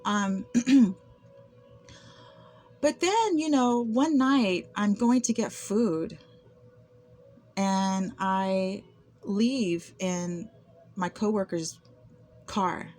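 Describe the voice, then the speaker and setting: Soft music plays behind this woman as she speaks to camera off the cuff about things that happened to her. Her medium-pitched, slightly mellow voice stretches out words and leaves long pauses, and her aggrieved telling is full of repeated words and false starts.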